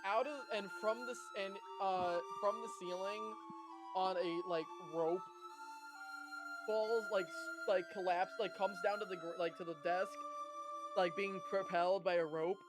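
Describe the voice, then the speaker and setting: A man's voice: sits high, fairly even intonation, unhurried, over music. A man narrating as game master of a tabletop game, rambling with many fillers and laughs. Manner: rambling, giggly, filler-heavy.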